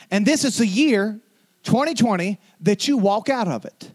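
A man's voice: high voice, big pitch swings, brisk. A man preaching a sermon as a pastor, retelling stories with building intensity.

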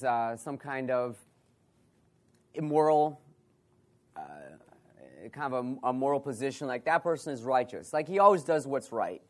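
A man preaching a sermon as pastor, asking the congregation questions and repeating phrases. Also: on the high side.

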